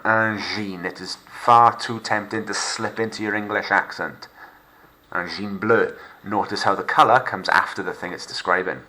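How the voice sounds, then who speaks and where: A man with a Welsh accent teaching a recorded lockdown French lesson over slides. He is upbeat and playful, and slows right down to model French words for students to repeat. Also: fairly low pitch, bright, forceful tone, rough recording. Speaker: secondary school French teacher.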